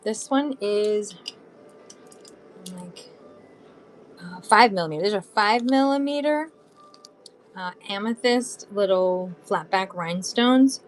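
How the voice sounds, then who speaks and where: A woman's voice: mid-range voice, expressive, slow, pauses often, faint music behind. A woman in her thirties from Southern California, selling jewelry supplies on a live stream in a chatty, bubbly way, talking straight to viewers. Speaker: live shopping seller.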